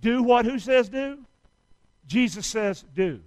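A preacher with a high, smooth, ringing voice leads his congregation in call-and-response. He swings from hushed, earnest pleading to loud, fervent cries. The sound is dry and close. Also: expressive, takes it slowly, dry recording, poor audio. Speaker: pastor. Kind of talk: sermon.

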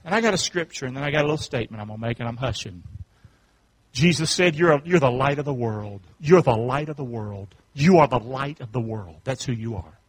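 A man pastor preaching a sermon, calling out to his congregation and swinging from quiet asides to shouts. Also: mid-range voice, lively intonation, fairly quick. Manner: call-and-response preaching, swings from hushed to shouting. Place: church sanctuary.

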